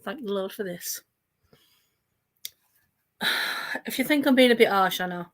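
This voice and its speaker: A woman's voice: mid-range voice, lively intonation, a little slow. A woman hosting a reaction commentary video, mocking and taunting the people she talks about. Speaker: commentary channel host.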